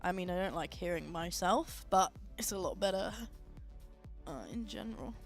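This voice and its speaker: A woman's voice: fairly low pitch, normal speed, gravelly, soft background music. A woman presenting on a livestream, casually and upbeat, explaining a charity goal with some fillers. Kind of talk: casual chat.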